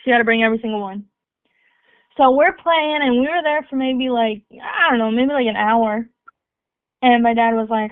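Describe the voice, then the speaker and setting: A young woman co-hosting a casual family podcast, telling a story with lively energy and some swearing. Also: a little high, normal speed, clear, resonant tone, dry recording. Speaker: podcast co-host. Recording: tinny phone-like sound, dry.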